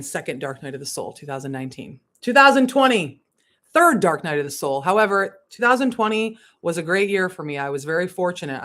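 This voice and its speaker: A low-voiced woman, a spiritual coach, talks candidly on a livestream, laughing and cursing as she alternates between hushed asides and forceful bursts.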